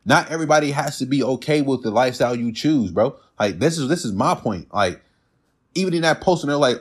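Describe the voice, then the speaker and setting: A man's voice: mid-range voice, animated, fairly quick, breathy edge. A man ranting bluntly and profanely in a casual monologue, mocking others with put-on quotes.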